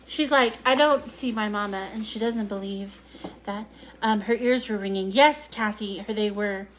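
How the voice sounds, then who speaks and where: A woman's voice: mid-range voice, a bit bright. A woman hosting a casual cooking livestream at home, chatting with viewers and teasing a toddler in playful sing-song baby talk. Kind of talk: casual chat while cooking on a live video, talking to a toddler. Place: home kitchen. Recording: noisy kitchen sounds.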